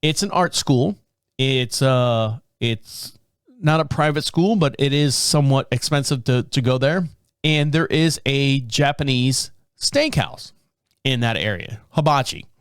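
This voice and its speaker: A man's voice: mid-range voice, a little slow, clear, resonant tone, no room sound, studio quality. A man in his fifties hosting a casual solo podcast, rambling and amused at himself, with a lot of chuckles and restarts. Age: 50s. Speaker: podcast host.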